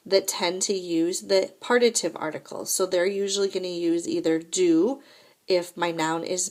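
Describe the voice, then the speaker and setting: Slow, patient woman teaching French. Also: fairly low pitch. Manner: patient, explains step by step with frequent "right?" and "okay?". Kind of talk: recorded classroom lesson.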